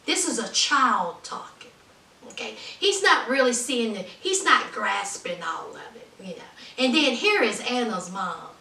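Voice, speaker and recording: Sassy high-voiced woman vlogger. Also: big pitch swings, measured pace, gravelly, sharp tone. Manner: sassy, outspoken, calls viewers honey and y'all. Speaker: reality TV recap vlogger. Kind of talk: casual commentary. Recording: roomy echo, distant from mic.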